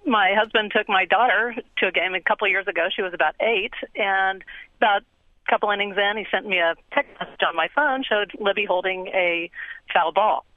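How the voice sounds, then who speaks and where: A woman calling in to a radio show, telling a family story briskly. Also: medium pitch, dry recording. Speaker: caller. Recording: phone line.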